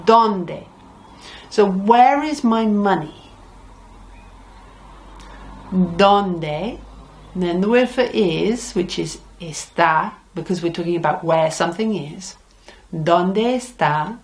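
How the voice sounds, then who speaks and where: Slow, patient woman teaching Spanish. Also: lowish voice, animated. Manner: patient, repeats words for learners. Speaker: language teacher. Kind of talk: slow, deliberate Spanish lesson.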